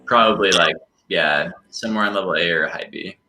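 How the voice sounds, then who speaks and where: A man's voice: deep voice, fairly quick, pushed and bright, poor audio. A man chatting casually, hesitant and thoughtful as he gives his ranking. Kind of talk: casual chat. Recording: faint background noise.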